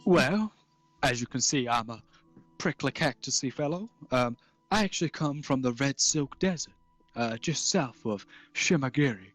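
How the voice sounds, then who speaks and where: Friendly talking cactus fellow, slow and cheerful, a man doing it, dry sound. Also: medium pitch, lively intonation, a bit bright, no room sound, soft background music, natural voice.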